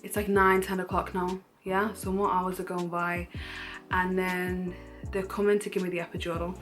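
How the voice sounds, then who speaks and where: A young woman, candidly retelling a personal story in a casual vlog, animated and full of fillers. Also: lowish voice, moderate pace, soft background music. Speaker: vlogger.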